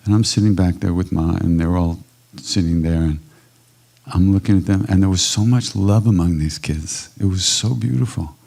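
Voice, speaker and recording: Deep and gravelly, the older man's voice moves at a moderate pace as he answers retreat questions with casual, warm anecdotes. He's a kirtan teacher, speaking live in an ashram hall.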